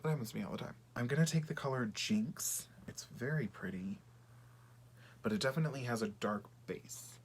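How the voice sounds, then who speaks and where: A man with a drawl talks through his makeup routine in a chatty, easygoing way. He often drops into a soft half-whisper as he blends. His voice sits at a middling pitch, with a faint hiss of background noise. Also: fairly quick. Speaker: beauty vlogger. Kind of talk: casual makeup tutorial chat.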